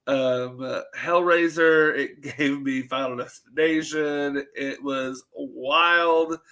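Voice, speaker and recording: A man's voice: on the high side, fairly even intonation, slow, bright, forceful tone. A man co-hosting a casual podcast chat, enthusiastic and laughing often. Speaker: podcast co-host.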